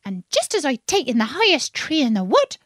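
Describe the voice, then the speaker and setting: A woman voicing a frantic, shrieking female pigeon in a storybook reading, shrill and scolding. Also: wildly swooping pitch, a little fast, a bit bright, no room sound, clean studio sound, heavily acted. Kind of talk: storybook read-aloud.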